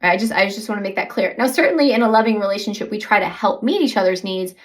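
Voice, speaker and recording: A woman's voice: mid-range voice, quick pace. A woman hosting a podcast as a relationship coach, talking casually and conversationally, laughing easily and acting out sample dialogues.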